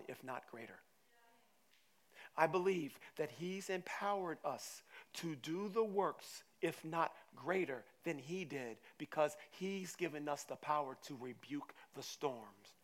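A man preaching a sermon to his church, telling a story in lively, casual words that swing from loud to hushed. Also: a little high. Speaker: pastor.

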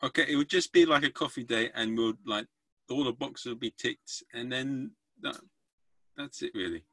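A man's voice: medium pitch, moderate pace, pushed and bright, no echo. A man hosting a casual podcast chat, who often restarts his sentences and searches for words. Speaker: podcast host.

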